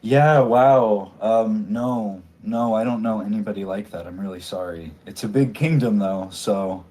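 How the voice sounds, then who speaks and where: Man voicing a tired tavern barkeep lady, sighing, dryly sarcastic, tabletop game role-play, low voice. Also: measured pace, warm tone. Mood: awkward. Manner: sighing, exasperated, dryly polite. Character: weary sardonic female tavern barkeep.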